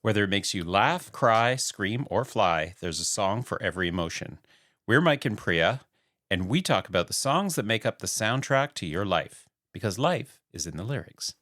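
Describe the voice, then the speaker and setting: Man, podcast co-host, wry, teasing, lively intonation, dry sound. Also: on the low side, normal speed, no room sound. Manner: wry, teasing, deadpan reactions. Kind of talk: casual chat.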